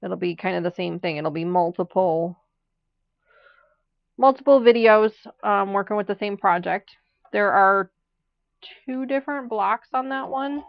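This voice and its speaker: Sewing on a live stream, a woman with the hiccups rambles and laughs often as she chats with viewers about quilting. She speaks at a measured pace in a gravelly, medium-pitched voice, pausing frequently, and the lo-fi recording has no echo.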